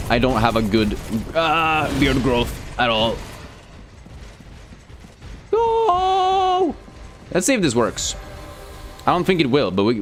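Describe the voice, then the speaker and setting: A young man, chatting casually and cursing as he streams a game and answers chat. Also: mid-range voice. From Sweden. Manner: loose and profane, reads chat aloud, many fillers.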